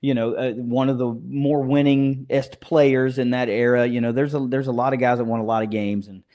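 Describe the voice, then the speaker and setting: Brief: male podcast host, middle pitch, casual, loose and rambling. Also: fairly even intonation, moderate pace, warm tone. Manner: rambling, repeats words while thinking. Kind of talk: casual interview chat.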